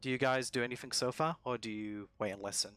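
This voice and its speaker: A man running a tabletop game as dungeon master, narrating at a relaxed pace with many pauses and ums. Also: mid-range voice, smooth, no room sound.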